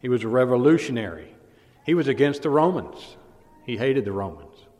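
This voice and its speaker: A man's voice: medium pitch, big pitch swings, moderate pace. Man preaching in a reverberant hall. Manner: dramatic storytelling, swings between loud and hushed. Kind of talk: sermon retelling scripture.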